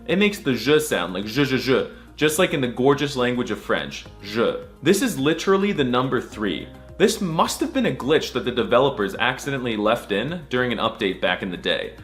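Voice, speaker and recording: Sarcastic man, lively voice. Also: medium pitch, moderate pace, hardly any pauses, soft background music. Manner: sarcastic, crude and exaggerated, repeating letter sounds. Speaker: comic language teacher. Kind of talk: mock alphabet lesson.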